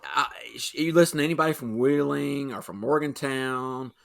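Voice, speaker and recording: A man's voice: medium pitch, normal speed, vocal fry. A middle-aged man co-hosting a podcast, chatting casually and nitpicking with apologetic asides. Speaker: podcast co-host. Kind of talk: casual movie chat.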